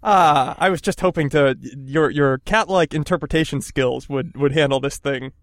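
A man's voice: on the high side, moderate pace, dry recording. A man co-hosting a casual comedic chat, dry and playfully pedantic in his banter. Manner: dry, playfully pedantic, jumps into silly put-on voices. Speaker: podcast co-host.

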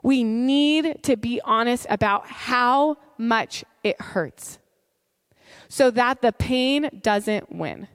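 A woman's voice: fairly high pitch, lively intonation, smooth, no echo, studio quality. Earnest woman preaching a sermon. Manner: earnest, reads scripture slowly with emphasis, some restarts. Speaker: pastor.

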